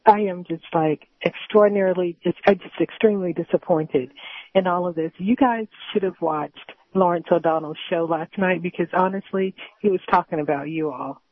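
A woman's voice: fairly low pitch, moderate pace, husky, dry recording. A woman calling in to a talk radio show, indignant and talking over the host. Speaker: caller. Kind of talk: call-in complaint on talk radio. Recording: tinny phone line.

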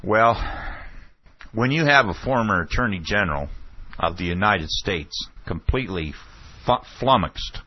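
A man's voice: lowish voice, lively intonation, a little slow, slightly rough. A man hosting a political talk show, retelling an exchange and commenting on it with growing indignation. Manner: indignant, acts out the quoted exchanges with rising heat. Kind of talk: opinionated commentary retelling an event. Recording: dull, slightly lo-fi dry sound.

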